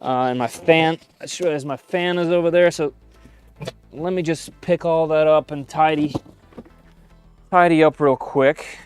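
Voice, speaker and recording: A man's voice: on the high side, steady tone, a little slow, pauses often, smooth, soft background music. A man giving live-stream commentary while unboxing a machine in his home workshop, thinking aloud with frequent "uh"s and small restarts.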